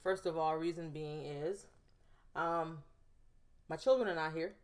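A woman, hosting a casual solo podcast from home and telling stories with big, animated jumps in pitch. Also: a little slow. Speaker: podcast host.

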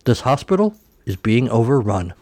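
A man voicing an odd, grandiose male adventurer who speaks slowly and with calm self-assurance. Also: medium pitch. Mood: solemn.

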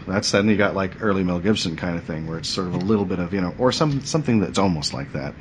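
A man's voice: low voice, lively intonation, quick pace, hardly any pauses, slight background noise. A man in his forties, chatting casually as a podcast host, rambling and jokey, often trailing off. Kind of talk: casual chat.

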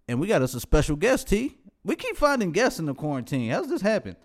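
A man's voice: high voice, huge pitch swings, fast. A man hosting a podcast, casual banter in loose slang, laughing often. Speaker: podcast host.

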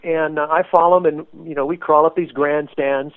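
A man guest telling a story in an animated way, acting out quotes with sudden loud bursts, as a race car paint designer. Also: fairly high pitch, moderate pace, smooth, dry recording. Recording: tinny phone-like line, dry.

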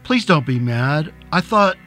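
A frightened pregnant young woman, tearful and pleading, her voice pitched up high and bright in a slow audiobook telling, as a male narrator puts her on. Faint music plays behind. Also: very animated, full character voice.

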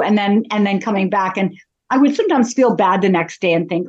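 A woman's voice: mid-range voice, fairly quick, darkish tone, dull audio. A woman, a psychic medium, talking casually in an interview as a chatty, self-deprecating storyteller.

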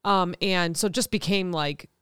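Sleepy woman cohost, quick reactions, smooth voice, lowish, dry sound. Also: a bit bright, dry recording. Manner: eager listener, quick reactions, asks follow-up questions. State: tired, yawning. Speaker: podcast co-host. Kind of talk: casual chat.

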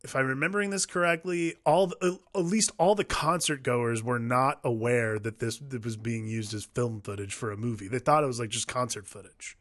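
Rambling mid-pitched man, dry sound. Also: steady tone, fairly quick, hardly any pauses, fairly bright tone, no echo. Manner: rambling, many fillers and restarts. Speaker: podcast co-host. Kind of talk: casual film-review chat.

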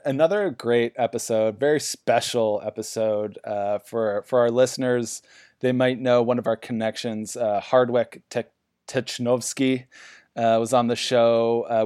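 A man's voice: medium pitch, darkish tone, clean tone, no echo, clean studio sound. A man hosting a parody business podcast, rambling and hyped with lots of fillers. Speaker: host.

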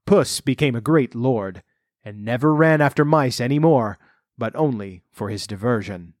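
A man reading a fairy tale aloud in measured narration, then adding wry comments of his own. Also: medium pitch, animated, dry recording, clean studio sound. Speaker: storyteller.

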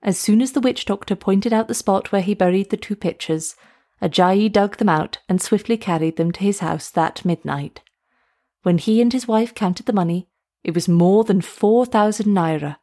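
A woman narrating a story aloud in a steady, measured way. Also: medium pitch.

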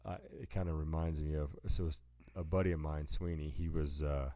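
A man with a very deep, steady, warm voice co-hosts a podcast, talking briskly in casual chat as he rambles through stories, acts out what people said, and says "dude." The sound is clean studio audio with no echo.

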